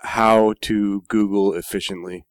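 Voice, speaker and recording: A man chatting casually as a co-host, relaxed and dropping wry remarks. His voice sits low. The sound is dry, with no room echo. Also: a little slow, clean tone. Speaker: podcast co-host. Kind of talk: casual chat.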